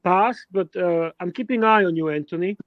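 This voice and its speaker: A man's voice: high voice, normal speed, dry recording. A man co-hosting a casual livestream, speaking hesitantly with many fillers and a reassuring tone. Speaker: regular livestream co-host. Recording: dull, dry lo-fi mic.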